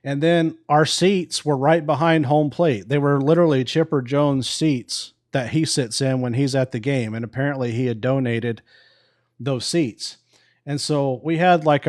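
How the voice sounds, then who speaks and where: A man's voice: a little high, darkish tone. A married man hosting a live stream, telling a story casually with swearing and laughs. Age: adult with a wife. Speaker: livestream host. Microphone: live stream microphone.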